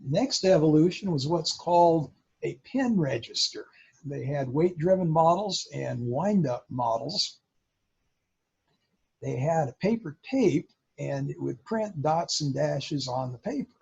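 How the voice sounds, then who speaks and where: A man's voice: on the high side, expressive, unhurried, vocal fry, darkish tone, husky, muffled recording. A man presenting at a radio club, explaining in a show-and-tell talk and sounding out Morse code.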